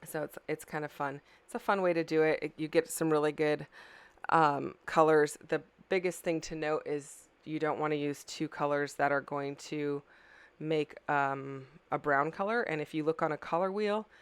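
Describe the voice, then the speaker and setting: Her low voice is steady and clean, at a moderate pace, with no room sound. She's a weary middle-aged craft channel host walking through her scrapbooking in a loose, rambling way, apologizing and correcting herself as she goes.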